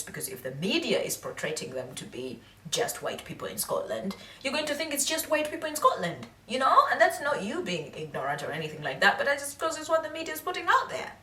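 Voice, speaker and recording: A young woman vlogging casual commentary, lively and laughing, breaking into high mimicking voices. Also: fairly quick, hardly any pauses, recorded from a distance, slight background noise. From England. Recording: echoey room, voice off-mic.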